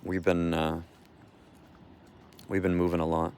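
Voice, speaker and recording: A man's voice: deep voice, flat delivery, measured pace, a little mellow, clear, resonant tone. A man vlogging outdoors while walking his dog, talking in a loose, meandering way with restarts. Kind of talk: rambling walk-and-talk vlog.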